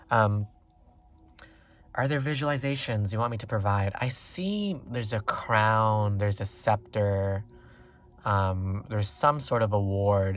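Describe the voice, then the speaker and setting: A man giving a casual pick-a-card tarot reading, talking in a rambling, excitable way with lots of fillers and sudden leaps up in pitch. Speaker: tarot reader.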